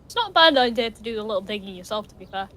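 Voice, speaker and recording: A woman with a British accent voicing an easygoing young woman who speaks in a relaxed, matter-of-fact way, read aloud from a game. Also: mid-range voice, rapid-fire, a little hiss or hum. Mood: calm.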